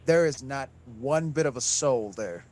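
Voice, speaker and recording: Man, game master, unhurried and loose, trails and repeats phrases. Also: medium pitch, animated, a little mellow, low-quality recording. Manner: casual, repeats himself and restarts often. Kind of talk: narrating a tabletop game.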